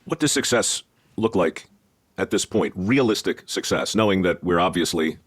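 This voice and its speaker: A man's voice: low-pitched, animated, normal speed. A man hosting an interview, asking questions in a wry, colorful way. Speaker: host. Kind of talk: interview conversation.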